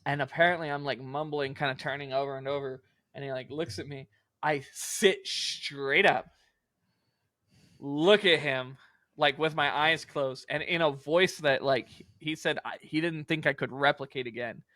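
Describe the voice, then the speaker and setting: Young male co-host, slightly high voice, rambling profane storyteller, dry close sound. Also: steady tone, moderate pace, sharp tone, no room sound. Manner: rambling, profane, lots of fillers. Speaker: podcast co-host. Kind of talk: casual storytelling chat.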